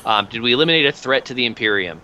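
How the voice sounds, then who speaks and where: A man's voice: mid-range voice, lively intonation, very fast, sharp tone, slight background noise, low-quality recording. A man running a tabletop game as game master, narrating casually with lots of hesitations. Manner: casual, hesitant with many fillers.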